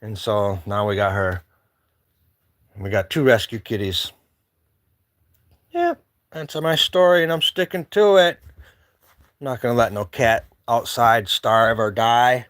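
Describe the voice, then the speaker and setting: Man, middle-aged, slow casual chat, dry close sound, pet baby talk. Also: medium pitch, expressive, a bit bright, no echo. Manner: baby talk to pets, storytelling. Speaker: vlogger. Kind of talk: casual chat to camera and pets.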